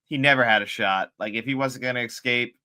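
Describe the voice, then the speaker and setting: A man's voice: medium pitch, a little fast, pushed and bright. A man co-hosting a film podcast, chatting casually in loose sentences full of "like" and "you know". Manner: loose, filler-heavy speech with frequent "like". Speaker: podcast co-host. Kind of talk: casual film review chat.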